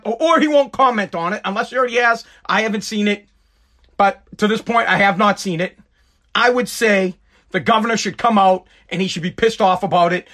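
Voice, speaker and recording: Man, very high voice, angry, sarcastic, swearing rant. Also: a bit bright. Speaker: commentator. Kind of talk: profane ranting commentary.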